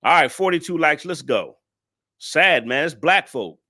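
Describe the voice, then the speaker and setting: A man's voice: fairly high pitch, sing-song, a little slow, pushed and bright. A man hosting a reaction video, talking in blunt, profane, ranting commentary and scolding his viewers. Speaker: male content creator reacting to a video.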